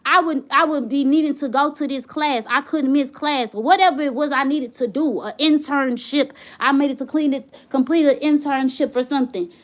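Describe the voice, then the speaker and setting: A high-pitched woman vents to the camera. She talks in a heated, rambling way and circles back over the same points. It sounds like a candid home vlog. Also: normal speed, few pauses. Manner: heated, rambling, repeats herself when upset. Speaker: vlogger.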